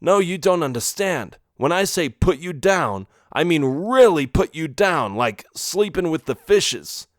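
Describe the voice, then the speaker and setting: A stern gangster father warns in a firm, raised voice, as a male narrator puts him on in a children's storybook reading. The delivery is lively in pitch, and the recording is dry. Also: measured pace, hardly any pauses, no room sound. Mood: warning. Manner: warning, firm.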